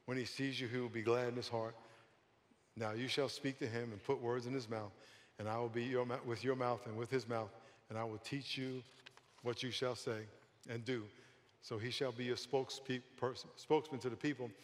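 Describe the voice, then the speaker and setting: A man, a pastor, preaching a lively sermon, often laughing and repeating phrases for emphasis. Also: mid-range voice, normal speed. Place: large church sanctuary. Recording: long hall reverb.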